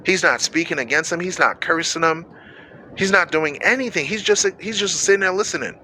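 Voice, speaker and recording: A man preaches on a radio show, reading scripture and explaining it in a casual, slangy manner while acting out quoted voices and addressing listeners directly. His voice is a little high, a little fast, pushed and bright, with slight background noise.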